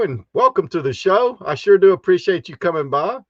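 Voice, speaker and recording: A man's voice: sits high, very animated, a little fast, a bit bright, no echo, highs cut off. A man hosting a casual live stream from his camper, chatting and chuckling as he reads out viewer comments. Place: inside a camper.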